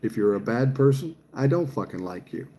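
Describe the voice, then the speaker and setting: A man's voice: mid-range voice, animated, normal speed, mellow, a little hiss or hum. A man, chatting casually on a livestream and reading viewer comments aloud, swearing freely. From Minnesota, USA. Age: 60s. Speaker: livestream host reading chat.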